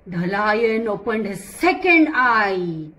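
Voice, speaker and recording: A woman teacher telling a children's story in an animated way, often asking the children questions. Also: medium pitch, slow.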